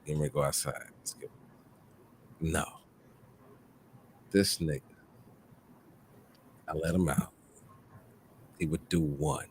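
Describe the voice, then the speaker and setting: A man with a low, heavy voice hosts a casual chat show. He tells his stories in a loose, profane and animated way. It sounds like relaxed talk among friends. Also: takes it slowly, pauses often, a little hiss or hum. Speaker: host.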